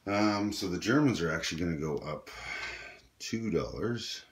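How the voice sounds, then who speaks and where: Explaining his play in a tabletop strategy game, a man speaks in a deep, expressive voice at a moderate pace, peppering it with ums and uhs. The room is echoey and faintly noisy.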